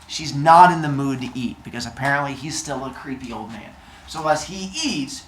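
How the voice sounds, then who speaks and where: A man's voice: on the high side, slight background noise. A male teacher telling a myth to his class in a casual, jokey way, full of modern slang. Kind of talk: storytelling lesson to a class. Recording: echoey classroom.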